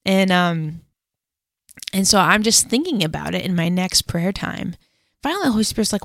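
A woman with a bright, mid-range voice speaks animatedly at a moderate pace, in a dry, clean studio recording. Co-hosting a casual faith podcast, she tells a chatty, rambling story packed with "like" and self-deprecating laughs.

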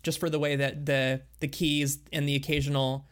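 A man's voice: fairly high pitch, level tone, moderate pace, clear, resonant tone. A man co-hosting a casual music podcast, talking thoughtfully and at length about songs. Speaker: podcast co-host.

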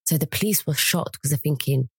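Chatty young female co-host, gravelly low tone, close dry sound. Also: brisk, darkish tone, dry recording. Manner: chatty, retells a story with quoted voices. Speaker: podcast co-host. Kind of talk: casual chat, storytelling.

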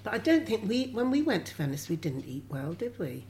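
A woman co-hosting a casual dinner chat, reacting quickly and asking questions. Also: medium pitch, sing-song, darkish tone, a little hiss or hum. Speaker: co-host.

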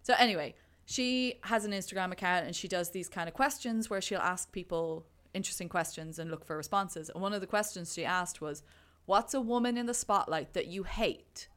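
A woman's voice: fairly low pitch, fairly quick, few pauses, a bit bright. A woman co-hosting a podcast, chatting casually about a movie and acting out her own thoughts, with lots of fillers. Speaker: podcast co-host.

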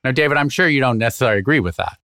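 A man's voice: medium pitch, expressive, racing, bright, forceful tone, dry recording, clean studio sound. A man moderating a panel discussion, asking probing questions.

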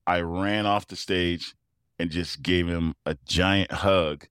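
Deep-voiced man telling lively stories. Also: takes it slowly, smooth, no echo, studio quality. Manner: animated storyteller who acts out quoted voices and laughs often. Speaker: interview guest, professional tuba player. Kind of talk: storytelling in a casual interview.

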